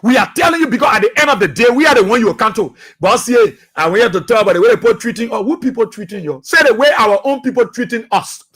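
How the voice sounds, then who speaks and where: A man with a Liberian English accent hosts a political radio talk show, delivering impassioned commentary that circles back on itself and bursts into shouts. His voice sits very high and is husky at the edges. The tone is bright and sharp. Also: lively intonation, quick pace, few pauses. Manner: impassioned, preachy, repeats phrases, shouts at times.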